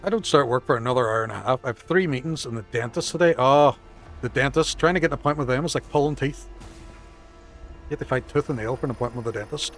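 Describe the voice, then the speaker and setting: A man's voice: mid-range voice, quick pace, fairly bright tone, soft background music. A man live-streaming a game, swearing often, joking with chat and reading it aloud.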